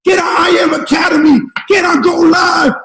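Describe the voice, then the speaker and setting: A man giving a fired-up motivational speech on a team call, shouting and repeating himself like a preacher. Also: very high-pitched, little pitch movement, moderate pace, echoey room, big-room sound, a little hiss or hum, poor audio. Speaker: network marketing leader.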